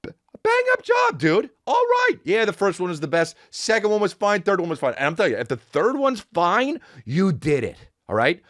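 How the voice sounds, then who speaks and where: A podcast host with a high-pitched voice rants in a loose, profane, rambling comedic way, talking fairly quickly with hardly any pauses. He's animated and breaks into snatches of song. The recording is dry and studio quality.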